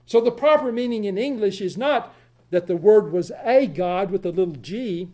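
A man teaching a Bible study lesson, explaining deliberately and repeating key points for emphasis. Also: high-pitched, animated, warm tone.

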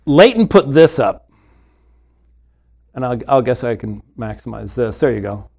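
A man's voice: mid-range voice, sing-song, measured pace, creaky, darkish tone. A man hosting a live webcast and teaching on the Bible, talking in an emphatic, argumentative way with frequent restarts from a studio. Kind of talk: unscripted live commentary. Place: studio with screens and computer.

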